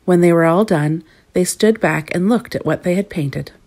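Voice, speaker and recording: Female storyteller, expressive reading voice, slightly low pitch. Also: normal speed.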